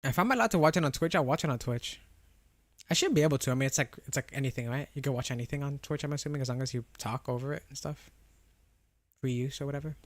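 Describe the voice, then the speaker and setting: A man's voice: medium pitch, quick pace, no room sound. Chatty young man with a slight lisp. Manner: chatty, rambling, answers chat with frequent restarts and laughs. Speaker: streamer. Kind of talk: casual live-stream chat.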